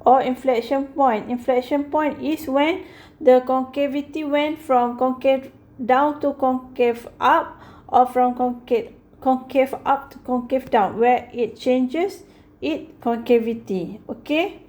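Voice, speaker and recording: A woman with a high voice walks through a math lesson at an unhurried, careful pace. She keeps stopping to check in with "okay" and fixes her own slips as she goes, patient and methodical throughout. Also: a little mellow. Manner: slow and patient, repeats "okay" often; corrects herself mid-sentence. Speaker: math teacher.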